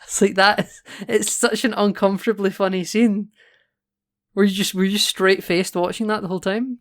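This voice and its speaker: A man co-hosting a podcast, chatting casually and animatedly about a film, quick to laugh. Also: sits high, steady tone, a bit bright. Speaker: podcast co-host.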